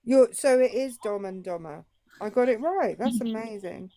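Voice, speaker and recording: Woman, teacher type, sarcastic live debater; high, swooping voice on a dry close mic. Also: moderate pace, mellow, dry recording. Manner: exasperated, sarcastic, interrupting. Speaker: teacher and co-host.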